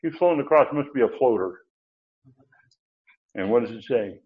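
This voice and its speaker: An older male pastor preaches in a folksy, rambling way, full of asides and restarts. His voice sits low, and the recording sounds dull and lo-fi. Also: a little fast. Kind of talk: expository sermon teaching.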